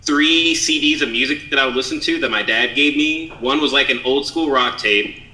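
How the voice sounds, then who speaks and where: Bright-voiced young man, laid-back swearing. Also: medium pitch, moderate pace. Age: 20s. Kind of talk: casual podcast chat. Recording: echoey room, faint background noise.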